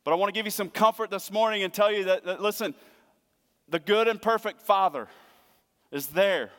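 Middle-aged man, pastor's sermon, earnest, hushed to emphatic, fairly high voice, long church reverb. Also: normal speed. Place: church sanctuary.

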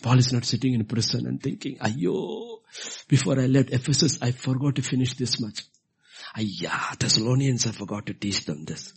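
A middle-aged man preaching a sermon, repeating key phrases and swinging from hushed whispers to loud emphatic bursts. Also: mid-range voice, lively intonation, moderate pace, vocal fry, husky.

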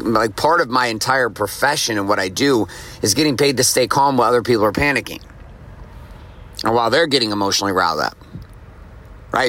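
A man's voice: medium pitch, bright, forceful tone. A middle-aged man hosting a podcast, telling a casual story and repeating his key lines for emphasis. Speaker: podcast host.

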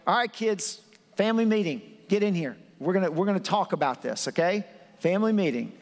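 A preacher voicing an exasperated, incredulous Jesus in a high-pitched voice, speaking in a large reverberant hall. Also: male voice, animated, brisk. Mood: summoning.

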